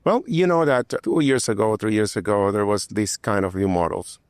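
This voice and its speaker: A man's voice: on the low side, very animated, moderate pace, clear, resonant tone, dry recording, studio quality. A man who is a technologist guest explains his work in an interview, with repetitive phrasing. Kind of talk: interview answers.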